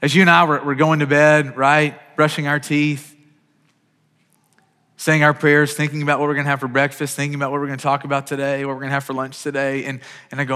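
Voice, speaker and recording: A man's voice: on the high side, monotone, quick pace, pushed and bright, clear, resonant tone, long reverb tail. A man preaching a sermon as pastor, earnest and urgent, often repeating words as he starts a phrase.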